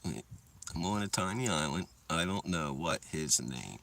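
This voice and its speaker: Young guy on a livestream telling wild stories, cussing a lot, bright punchy voice. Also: very deep voice, expressive, moderate pace, creaky. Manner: profane, rambling, laughs at own stories. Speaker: livestreamer chatting with viewers. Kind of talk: casual storytelling.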